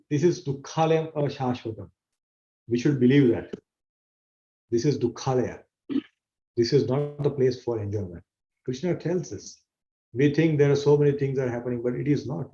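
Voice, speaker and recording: Brief: earnest male scripture teacher, mellow and dark tone, echoey, muffled recording. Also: medium pitch. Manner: earnest, repeats key phrases, acts out gasps. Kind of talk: explanatory sermon to an online audience. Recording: roomy, dull-sounding recording.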